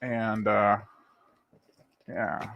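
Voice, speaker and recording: On a live stream for his own channel, a man chats casually through an unboxing and reads viewer comments aloud, rambling and relaxed. His lowish voice is creaky and extremely slow, and the audio sounds dull.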